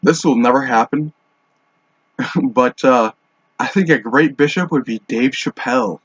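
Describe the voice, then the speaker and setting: A man's voice: medium pitch, measured pace, husky, dry recording. A man rambling casually through a solo monologue, offhand and full of fillers and restarts, smoking as he talks. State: smoking while talking. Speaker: podcast host. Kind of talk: casual monologue on fan casting. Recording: dull, dry lo-fi home mic.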